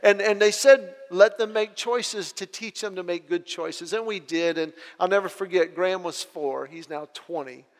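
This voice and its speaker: A man's voice: high-pitched, normal speed, hardly any pauses. A middle-aged man preaching a sermon as a pastor, telling family stories and acting out his kids' voices. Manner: storytelling, acts out his children's voices. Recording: long hall reverb.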